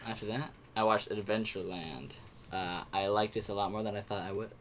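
A young man co-hosts a podcast, talking through his movie opinions in a relaxed review chat at a fairly quick pace. He rambles, circling back with frequent fillers and restarts, in a low voice with a faint background hiss behind him.

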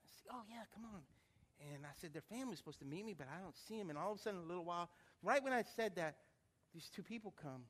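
Man, pastor, animated sermon storytelling, high voice. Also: racing. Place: church.

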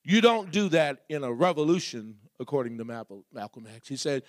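A man's voice: medium pitch, moderate pace, dry recording, studio quality. A man preaching a sermon as pastor, building repeated refrains and asking the congregation questions.

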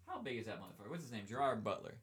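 Young dude on a podcast, quick and punchy, voice all over the place, cusses a lot. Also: male voice, on the low side, slightly rough. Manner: profane, animated, laughs often. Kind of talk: casual chat.

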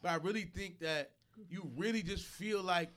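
A man's voice: high-pitched, normal speed, fairly bright tone. A man hosting a casual podcast, arguing heatedly, swearing and repeating himself when fired up. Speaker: podcast host.

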